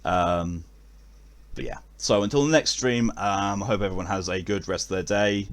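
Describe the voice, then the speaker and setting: A man's voice: lowish voice, brisk. A man with an English accent chatting casually to his viewers at the end of a stream, rambling with many fillers and restarts. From England.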